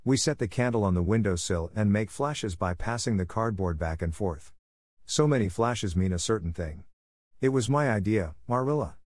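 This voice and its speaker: A man's voice: fairly low pitch, lively intonation, normal speed, darkish tone, no room sound, clean studio sound. A man voicing an eager, chatty, imaginative young girl who gushes and pleads breathlessly. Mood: pleading.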